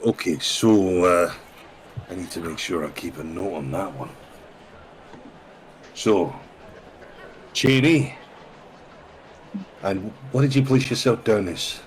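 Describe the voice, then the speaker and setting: A man playing a tabletop game, talking in character in a boisterous way that jumps into a high, excited voice. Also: slow, long pauses, a little hiss or hum. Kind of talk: in-character role-play.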